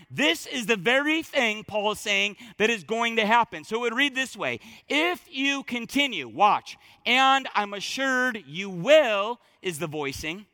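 A male pastor preaching a sermon in church, emphatic, swinging from loud declarations to hushed, near-whispered lines. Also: very high-pitched, no room sound, clean studio sound.

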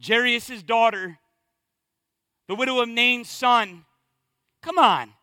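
A man preaching a sermon as pastor, impassioned and conversational, dropping to a hush and then rising loud. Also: very high voice, slow pace, no echo, faint music behind. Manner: impassioned, swings from hushed to loud.

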